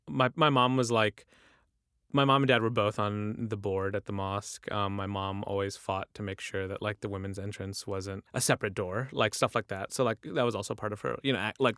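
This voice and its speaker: A man's voice: fairly low pitch, fairly bright tone, dry recording, studio quality. A young man from Michigan, a podcast guest talking casually, telling stories with lots of fillers and restarts. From Michigan, USA. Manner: chatty, filler-heavy storytelling with many restarts. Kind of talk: casual interview chat.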